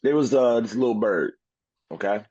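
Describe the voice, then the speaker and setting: A man co-hosting a podcast, telling a profane, animated story with a moral in a casual way. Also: mid-range voice, normal speed, no room sound, dull audio. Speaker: podcast co-host.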